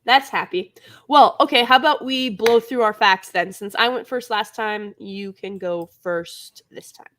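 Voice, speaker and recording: Bright, bubbly woman podcast host. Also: measured pace, a little hiss or hum. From American Midwest. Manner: bubbly, laughs often, voices swing high. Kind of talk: casual chat.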